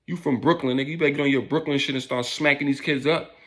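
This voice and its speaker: A man's voice: mid-range voice, fairly even intonation, fast, a bit bright, lightly acted. A man voicing a streetwise young man pushing his friend to fight back, speaking in a pushy, profane way. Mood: urging.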